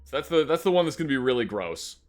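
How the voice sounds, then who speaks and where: With faint music behind him, a fast-talking man with a sing-song, medium-pitched voice plays a horror game on a live stream. His commentary is casual, with muttering to himself and the occasional hummed choo-choo sound.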